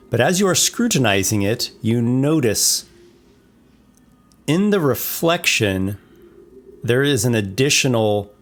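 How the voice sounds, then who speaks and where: A man acting as game master, describing a dungeon room in a relaxed, descriptive way with frequent small restarts. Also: lowish voice. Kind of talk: narrating a tabletop game.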